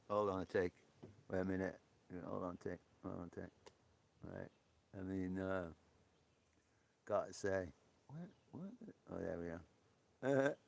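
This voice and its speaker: Low, gravelly man chatting casually. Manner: chatty, joking, laughs often. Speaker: live stream host. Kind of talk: casual chat with viewers. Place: outdoor porch.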